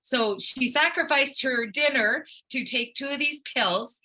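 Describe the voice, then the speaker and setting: A woman's voice: high-pitched, unhurried, pushed and bright, rough recording. A woman on an online call telling a chatty story with many fillers. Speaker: guest sharing a testimonial.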